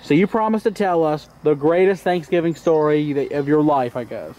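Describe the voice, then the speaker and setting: Man, high-pitched, dry, skeptical, questioning, casual chat. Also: normal speed, mellow, slight background noise. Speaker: son prompting the stories.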